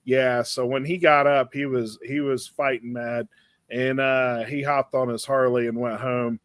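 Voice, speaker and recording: A man's voice: medium pitch, measured pace, clear, resonant tone, no room sound. Podcast co-host, male, rambling crude storyteller, dry close sound. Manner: rambling, animated anecdote with crude language. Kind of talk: casual storytelling chat.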